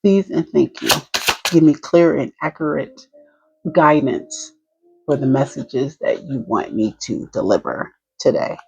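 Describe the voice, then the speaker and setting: A woman with a New Jersey accent doing an intuitive tarot reading at a slow, unhurried pace. She muses aloud over each card and talks directly to spirit. There's a clear hiss of background noise under her voice. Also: very deep voice, sing-song, mellow, highs cut off. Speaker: tarot reader.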